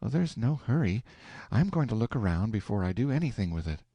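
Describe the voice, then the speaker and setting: A man's voice: on the low side, big pitch swings, fairly quick, warm tone, dry recording, voice pushed up. A man voicing a prim, prudent middle-aged wife in an audiobook, reproving and careful with money. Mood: patient. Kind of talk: audiobook character voice.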